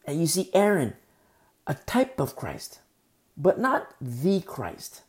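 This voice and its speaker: A man's voice: fairly high pitch, wildly swooping pitch, slow, a little mellow. A man preaching a sermon, teaching through a Bible passage and repeating key phrases for emphasis. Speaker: pastor.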